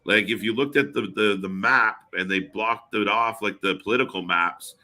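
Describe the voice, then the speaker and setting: A man co-hosting a live wrestling watch party stream, chatting casually with fillers and quick reactions. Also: lowish voice, pushed and bright.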